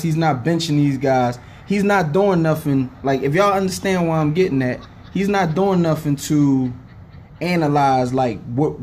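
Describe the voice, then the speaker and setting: Speaking on the high side with a slightly mellow quality, a young man vents to camera about sports, profanely and heatedly, despite having a headache. "Know what I'm saying" comes up again and again, and a bit of background noise is audible.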